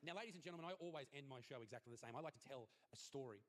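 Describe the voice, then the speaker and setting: A young Australian man performing a stand-up comedy routine in a crude, mock-earnest way, his voice jumping high on the punchlines. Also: animated, very fast, heavy background noise. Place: comedy stage.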